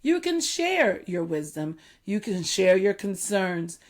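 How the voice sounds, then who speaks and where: Slow, earnest middle-aged woman. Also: medium pitch, sing-song. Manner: earnest, measured, repeats key points slowly. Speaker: podcast host. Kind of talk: reflective solo talk.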